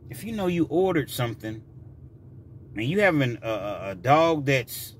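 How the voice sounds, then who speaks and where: A man telling a story from his own life in a vlog, talking freely with frequent restarts and jumping into loud, high voices to act out what people said. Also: very animated, normal speed, slight background noise. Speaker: vlogger telling a personal story.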